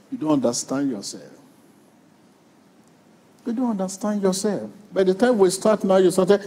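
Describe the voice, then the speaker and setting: A man's voice: a little high, sing-song, a little fast, pauses often, warm tone, breathy edge. A man preaching a sermon with emphatic repetition, drawing in the congregation. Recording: long reverb of a large hall.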